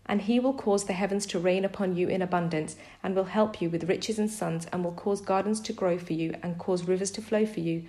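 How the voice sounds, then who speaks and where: A woman reading a scripture translation aloud in a measured, steady recitation. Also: on the low side, roomy sound. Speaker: scripture reader.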